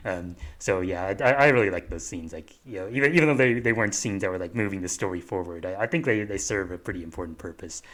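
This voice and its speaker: A young man co-hosting a podcast, chatting in a casual, halting way with many fillers and restarts. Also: low voice, a bit bright. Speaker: podcast co-host. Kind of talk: casual review chat.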